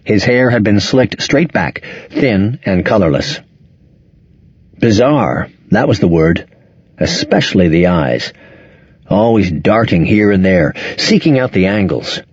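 A man narrating a novel in a measured, expressive storytelling manner. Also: lowish voice, husky, dry recording, lo-fi sound. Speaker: audiobook narrator. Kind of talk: scripted narration.

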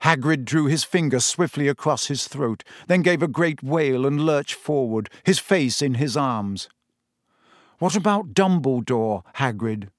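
A man narrating a story in a measured, even reading style. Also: medium pitch, dry recording, studio quality. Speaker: audiobook narrator.

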